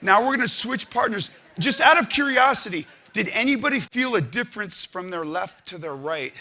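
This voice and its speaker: A man leading a live audience through stretching and partner exercises, coaching energetically and counting out loud. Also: high voice, lively intonation, moderate pace. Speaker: exercise instructor. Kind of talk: live workshop exercise instruction. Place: conference room with audience.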